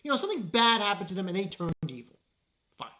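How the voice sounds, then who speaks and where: A man reviewing an anime episode in a casual spoken style, exasperated and rambling, halting on fillers. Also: high voice, big pitch swings, pushed and bright, highs cut off.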